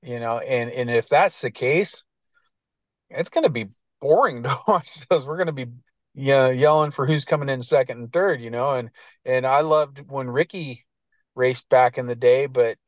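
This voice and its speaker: A man's voice: mid-range voice, moderate pace, no room sound. A middle-aged man chatting casually as a guest, laid-back and slangy, full of fillers and restarts. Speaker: guest editor. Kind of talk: casual podcast chat.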